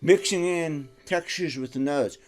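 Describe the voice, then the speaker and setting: A man giving a casual music lesson, animated and rambling, dropping to a soft voice and rising loud again as he explains. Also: fairly high pitch, measured pace. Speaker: music teacher. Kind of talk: casual instructional talk.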